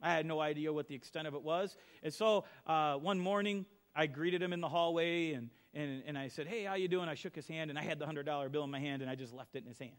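A middle-aged male pastor delivers a conversational, story-driven sermon in a voice on the high side. He shifts between soft asides and emphatic lines.

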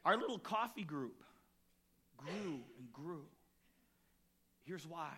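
High bright-voiced male preacher. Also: animated, takes it slowly, pauses often, slight background noise. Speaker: pastor. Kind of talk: sermon with personal story.

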